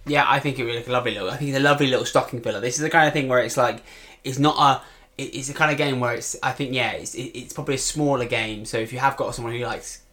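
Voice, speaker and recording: Fast-talking man rambling about board games. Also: medium pitch, steady tone, pushed and bright. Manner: quick, rambling, self-correcting. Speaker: board game podcast co-host. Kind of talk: casual chat.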